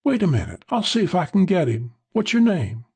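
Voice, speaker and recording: A man doing a high, coaxing barroom girl. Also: sing-song, fairly quick, mellow, husky, full character voice. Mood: eager.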